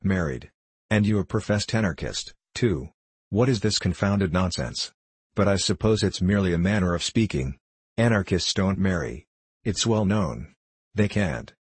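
A man's voice: low voice, lively intonation, normal speed, breathy edge, no room sound. A man reading an audiobook, voicing a scheming, contemptuous foreign diplomat who speaks in a guttural, mocking, condescending way.

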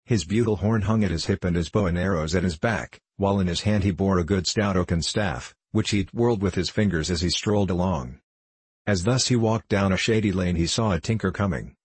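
A man narrating a storybook audiobook with a measured, even delivery. His voice is low and husky, recorded close in a dry, dead space. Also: no echo.

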